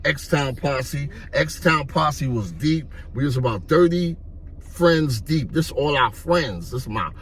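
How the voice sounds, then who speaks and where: Gravelly, slightly high New guy; animated street storyteller who acts out voices. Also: slow. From Harlem, New York. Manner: animated, acts out voices, repeats "you know what I mean".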